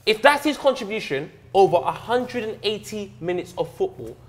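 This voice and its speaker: A man's voice: sits high, expressive, moderate pace. A young man co-hosting a casual chat, upbeat and chatty as he asks viewers to comment. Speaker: co-host.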